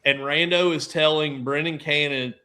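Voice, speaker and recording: A man with a bright, forward voice sitting a little higher than most, spinning loose, animated stories on a casual roundtable. He slips into other people's voices as he retells their lines. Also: normal speed. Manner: animated storyteller acting out quotes. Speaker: podcast panelist.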